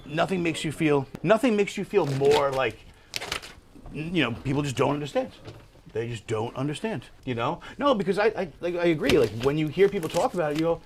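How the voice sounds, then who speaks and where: A man's voice: on the high side, lively intonation, a little fast, background noise. Rambling, profane man hosting a podcast. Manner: loose, rambling and profane, often putting on other people's voices. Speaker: podcast host and tattoo artist. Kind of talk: casual podcast chat.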